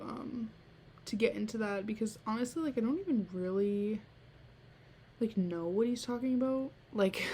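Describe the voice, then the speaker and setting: A teenage girl talks to her listeners in a loose, rambling solo podcast, filling her sentences with "like" and breaking into giggles. Her voice sits at a middle pitch with a soft, mellow tone. A faint hiss runs underneath. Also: vocal fry. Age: late teens. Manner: rambling, heavy use of "like", giggly. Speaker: podcast host. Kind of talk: casual solo podcast chat.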